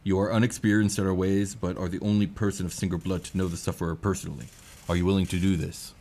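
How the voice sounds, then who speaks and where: A man's voice: low-pitched, level tone, fast, mellow, slight background noise. A man voicing a solemn male elder who formally explains a ritual.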